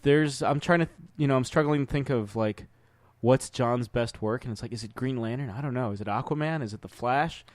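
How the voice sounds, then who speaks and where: A man's voice: mid-range voice, brisk, no echo. A man on a podcast, musing aloud in casual chat. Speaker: podcast co-host.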